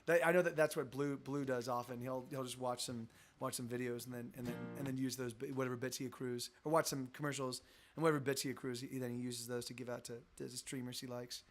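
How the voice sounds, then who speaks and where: A man's voice: mid-range voice, fairly even intonation, fast talker, soft background music. A man, a musician streaming live, chatting loosely with his viewers between songs, rambling and thinking aloud as he thanks them.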